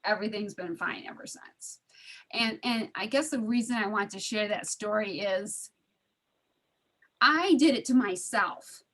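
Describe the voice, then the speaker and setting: A middle-aged woman in an online study group chats casually over a video call, telling a story, laughing often and acting out the voices in it. Her voice is medium in pitch and a bit bright, with a measured pace.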